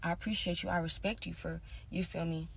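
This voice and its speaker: A woman talking in a casual confessional monologue, rambling and slangy with constant fillers, drifting between soft mutters and louder bursts. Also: on the low side, fairly even intonation, brisk, vocal fry, breathy edge. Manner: rambling, slangy, many "like" and "you feel me". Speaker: vlogger.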